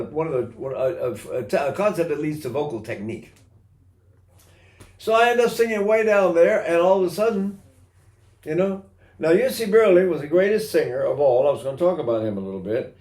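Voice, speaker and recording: A man's voice: fairly high pitch, a little mellow, roomy sound. An older man teaching singing technique in a rambling way, breaking into sung vowels and imitated voices to demonstrate. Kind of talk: recorded voice lesson.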